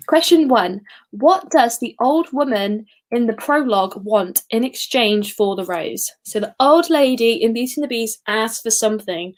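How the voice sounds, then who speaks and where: A woman hosts a relaxed live-stream quiz in a high voice. She is chatty and giggles easily, and now and then breaks into short sung snippets. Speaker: quiz host.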